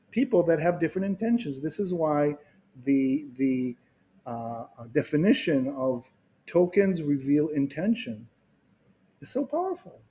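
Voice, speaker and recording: Man, middle-aged, animated storyteller, fairly high voice, warm mellow tone. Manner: animated storyteller, acts out quoted voices, repeats words when restarting. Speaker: guest speaker. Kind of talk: conversational explanation.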